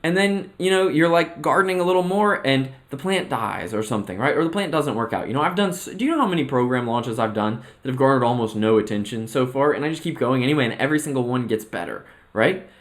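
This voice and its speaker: A man's voice: mid-range voice, lively intonation, fast, few pauses. A man coaching on mental health in a motivational vlog monologue. He talks earnestly and keeps checking in with "right?" and "okay?". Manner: mixes personal anecdotes with an extended analogy. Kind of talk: motivational self-reflection monologue.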